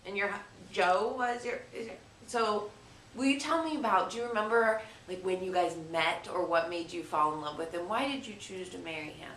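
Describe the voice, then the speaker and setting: A woman's voice: mid-range voice, normal speed, a bit bright, slight background noise. A woman interviewing a relative, asking hesitant questions with frequent restarts. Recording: roomy, distant from the mic.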